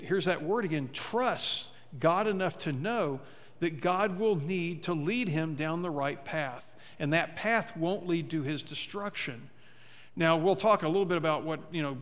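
A man's voice: a little high, a bit bright. Male pastor, chatty and funny sermon delivery, slips into character voices, church hall echo. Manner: conversational, humorous, acts out quoted voices. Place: church sanctuary. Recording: long church hall reverb.

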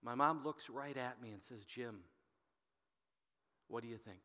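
A middle-aged man preaching as a pastor, telling a story in an earnest, halting way and often dropping to a hushed voice. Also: mid-range voice. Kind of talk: sermon storytelling. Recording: long reverb from a hall.

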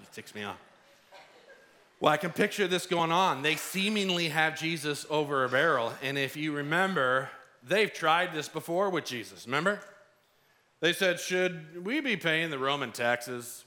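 A middle-aged man preaching a sermon, lively, acting out the voices of the people in the story. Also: fairly high pitch, moderate pace. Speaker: pastor.

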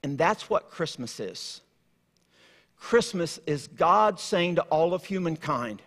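Bright high-voiced man preaching in a hall. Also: takes it slowly. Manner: storytelling, swings from hushed to lively. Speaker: guest preacher. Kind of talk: sermon. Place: church sanctuary. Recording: long hall reverb.

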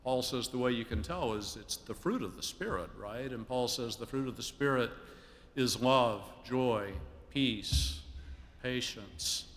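A male pastor reading scripture and giving a funeral sermon in a measured way, his sentence endings often dropping soft. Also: medium pitch. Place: church sanctuary. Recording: long reverb of a church hall, faint noise.

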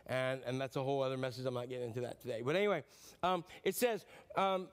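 A middle-aged male pastor preaching a sermon in a lively, conversational, joking way. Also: medium pitch, quick pace.

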